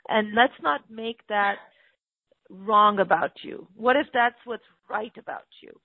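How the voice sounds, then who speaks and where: A woman's voice: mid-range voice, a little slow, no room sound. A woman hosting a live call-in show, taking callers and addressing them affectionately as honey and sweetheart. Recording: tinny phone-line audio.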